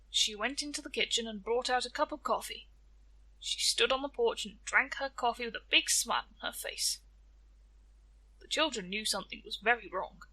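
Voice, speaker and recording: A woman telling a folk tale in storybook narration, expressive and slowing down for effect. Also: fairly high pitch, husky, poor audio.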